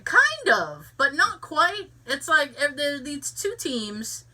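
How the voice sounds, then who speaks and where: A young woman chatting casually on a podcast, telling giggly, animated stories full of restarts. Her voice is very bright, with pitch that rises and falls widely, and she sits a little back from the mic. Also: takes it slowly, distant mic. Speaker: podcast co-host. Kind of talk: casual chat.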